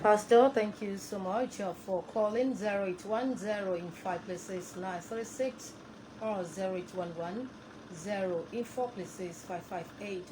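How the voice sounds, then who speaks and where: Brisk woman hosting a radio phone-in. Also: medium pitch, noisy background. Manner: brisk, polite, reads out phone numbers. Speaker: radio talk show host. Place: radio studio.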